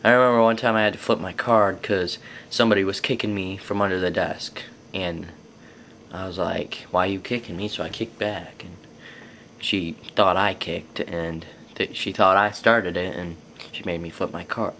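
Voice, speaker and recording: A man's voice: low-pitched, fairly even intonation, moderate pace, fairly bright tone, slight background noise. A young man telling personal stories to camera in a rambling, casual way. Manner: rambling, lots of fillers and restarts. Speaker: vlogger.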